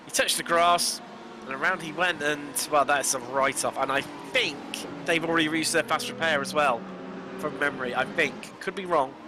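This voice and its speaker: A man's voice: a little high, moderate pace, noisy background. A man co-commentating on a sim race, chatty and jokey in friendly back-and-forth with his partner.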